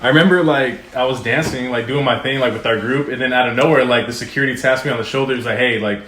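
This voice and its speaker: Young male podcast co-host, quick delivery, mid-pitched, roomy sound, animated and profane. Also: a little hiss or hum. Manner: animated storytelling, voice jumping up for quoted outbursts, swearing. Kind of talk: casual chat, drunk story. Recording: echoey room.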